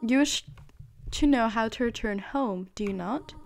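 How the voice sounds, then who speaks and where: A woman's voice: a little high, unhurried, gravelly. A woman reading a stern, motherly goat monster queen from a video game aloud, in a Valley Girl voice.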